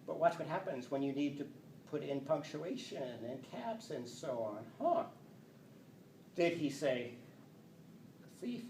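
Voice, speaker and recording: A man's voice: fairly high pitch, a little slow, slight background noise. Teacher, male, playful lecture delivery, voice caught from across an echoey room. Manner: lively, playful, reads example sentences aloud. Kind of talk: classroom lecture. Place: classroom. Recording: echoey classroom from a distance.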